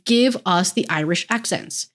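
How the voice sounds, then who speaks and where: A woman's voice: on the low side, measured pace. Young American woman, solo podcast host, chatty and effusive, loose rambling delivery, curses often. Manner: gushing, rambling, swears freely. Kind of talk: casual solo podcast chat.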